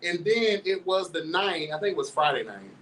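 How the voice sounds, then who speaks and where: A male show host with a high voice speaks at a normal pace, recorded from afar with slight background noise and low audio quality. He tells a candid story in a sassy, flamboyant style, animated and laughing throughout, constantly calling his listeners "girl."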